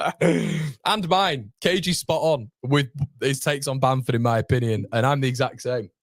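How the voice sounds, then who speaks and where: A man's voice: medium pitch, a little slow, no room sound. Young guy doing a fan livestream, reading out chat, laughs a lot, mid voice, dry close mic. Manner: chatty, matey, laughs often, addresses viewers by name. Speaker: fan channel host reading live chat. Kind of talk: casual live watchalong chat.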